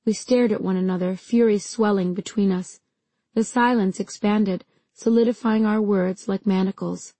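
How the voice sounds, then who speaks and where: A woman narrating an audiobook in the first person with a measured, dramatic reading. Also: medium pitch, steady tone, dark tone, dry recording.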